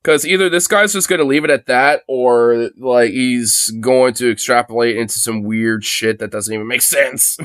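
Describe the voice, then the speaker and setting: Young male streamer host, casual swearing rambler, smooth dry tone. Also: mid-range voice, normal speed, hardly any pauses, a bit bright, no echo. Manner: rambling, laughs often, swears freely. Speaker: streamer host reacting to videos. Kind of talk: casual reaction chat.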